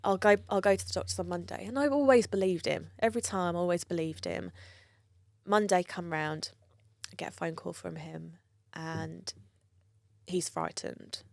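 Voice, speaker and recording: A woman's voice: fairly low pitch, moderate pace, vocal fry, darkish tone, no room sound, studio quality. A woman telling a personal story in an interview, candid and emotional and swearing freely. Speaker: guest.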